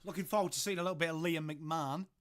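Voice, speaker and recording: A fast-talking man from England has a fairly high, steady, fairly bright voice. He hosts a casual home watchalong stream, greeting viewers by name and reacting to their messages as he chats.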